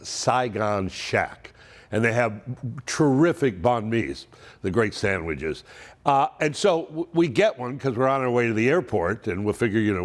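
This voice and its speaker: A man in his seventies telling stories in a monologue, with wry, dry humor. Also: on the low side. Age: 70s. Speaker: narrator of a yearly family letter. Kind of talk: storytelling monologue.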